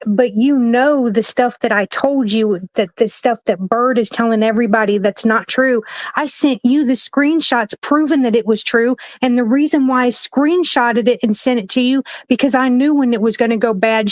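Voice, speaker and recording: A woman with a fairly high voice speaks as a guest in a heated livestream chat. She talks emphatically in long, rambling runs, swearing freely. The sound is dry and close, with no room echo.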